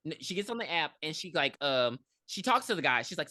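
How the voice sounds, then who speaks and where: Animated woman recapping a movie. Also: sits low, brisk, few pauses. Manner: animated retelling, acting out characters, swearing. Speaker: podcast co-host. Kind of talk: casual movie review chat.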